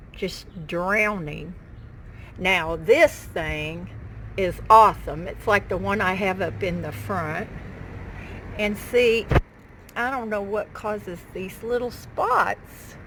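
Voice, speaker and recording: A woman's voice: medium pitch, slight background noise, low-quality recording. A woman chatting casually to her viewers outdoors in her backyard garden, fond of her plants. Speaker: gardening vlogger. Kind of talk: casual show-and-tell chat.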